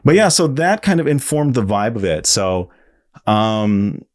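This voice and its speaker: A man's voice: on the low side, sing-song, measured pace. A man being interviewed as a guest designer, talking in a rambling way and often correcting himself as he tells a story. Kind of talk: casual interview.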